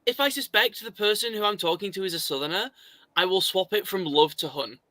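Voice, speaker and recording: A man in casual podcast chat, quick and agreeable. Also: high-pitched, sharp tone, no room sound. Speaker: podcast co-host.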